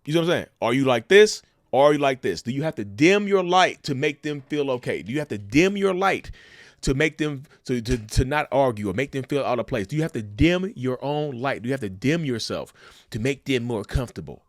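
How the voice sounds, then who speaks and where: A man's voice: mid-range voice, animated, brisk, no echo, studio quality. A man giving casual, emphatic commentary on relationships, asking the viewers rhetorical questions and calling them y'all. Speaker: commentator sharing a narcissist's view.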